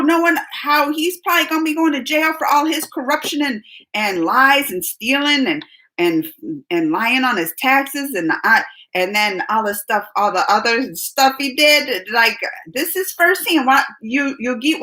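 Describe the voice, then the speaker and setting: Woman, forties, bright sharp voice, animated, casual live-stream host. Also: sits high, moderate pace, poor audio. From United States. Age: 40s. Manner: animated, repeats herself, talks straight to chatters by name.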